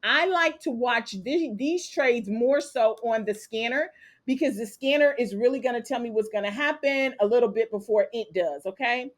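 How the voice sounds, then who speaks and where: A woman's voice: fairly high pitch, normal speed. A woman teaching a live online trading class, walking viewers through steps and checking in with "okay?" and "capiche?" as she goes. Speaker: trading instructor.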